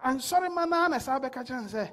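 High-voiced woman preaching. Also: animated, a little fast, a bit bright. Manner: preaches with rising bursts and call-and-response. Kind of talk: sermon.

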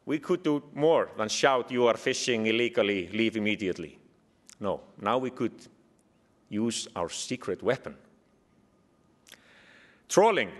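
A man with an Icelandic accent giving a keynote speech, telling stories with dry humor. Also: mid-range voice. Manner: lively storytelling with dry humor. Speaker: keynote speaker. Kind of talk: speech to an audience. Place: large museum hall. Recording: echoey hall reverb.

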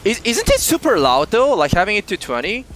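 A young man from South Korea with a Korean accent, chatting casually with viewers while streaming a game, excitable and often laughing. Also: high voice, fairly quick, slight background noise. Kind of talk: casual gameplay stream chat.

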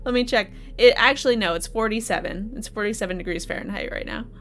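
A woman's voice: mid-range voice, fast talker, fairly bright tone, faint music behind. A young adult woman from New England chatting casually as she plays a game live and talks to her chat, laughing often. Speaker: streamer. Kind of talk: live gameplay commentary.

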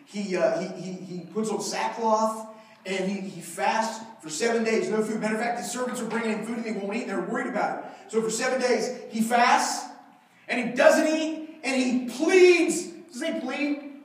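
A man preaching a sermon as pastor, telling the story in an animated, conversational way with humor. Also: sits high, moderate pace. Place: church sanctuary. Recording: very echoey hall, mic far off.

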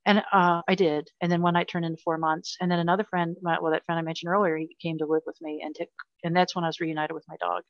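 A woman's voice: lowish voice, little pitch movement, fast, no echo, lo-fi sound. An older woman telling a painful personal story in an interview, earnest and emotional, often repeating herself. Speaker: guest.

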